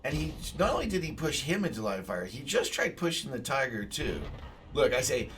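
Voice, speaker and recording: A man giving casual commentary over his own gameplay, excitable, swearing and bursting into shouts. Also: medium pitch, a little fast, distant mic.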